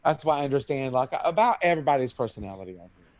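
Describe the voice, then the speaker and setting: A man's voice: mid-range voice, animated, very fast, noisy background. A man in casual late-night chat with friends, rambling and often restarting his sentences. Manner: rambling, repeats and restarts a lot.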